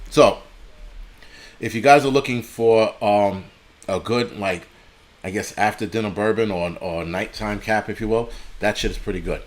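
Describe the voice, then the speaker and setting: Middle-aged man from the United States, live-stream host, casual, swears a lot, keeps sidetracking to thank donors. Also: fairly low pitch. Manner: profane, rambling, sidetracks to read donations.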